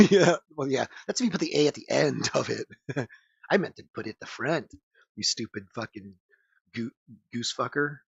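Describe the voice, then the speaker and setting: Gravelly rambling man, lo-fi dry sound. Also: mid-range voice, animated, moderate pace, no echo. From United States. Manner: rambling, swearing, frequent fillers. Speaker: podcast co-host. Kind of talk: casual crude banter.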